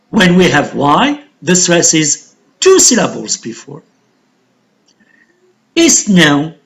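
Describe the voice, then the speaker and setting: A lowish-voiced woman with an Algerian accent teaches English pronunciation in a recorded lesson, speaking with care and repeating each word for drilling.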